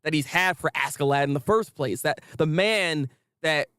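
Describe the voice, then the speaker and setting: Young male host, excitable and slangy, fairly high voice, dry close sound. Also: moderate pace, clean tone, no echo. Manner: hyped, slangy, repeats himself, laughs often. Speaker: anime review host. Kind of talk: casual excited commentary.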